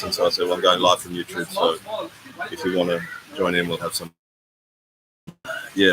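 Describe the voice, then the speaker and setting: A man in his sixties, hosting a casual live stream and rambling as he thanks donors by name. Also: sits low. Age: 60s. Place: residential complex in Bali. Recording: noisy ambient background.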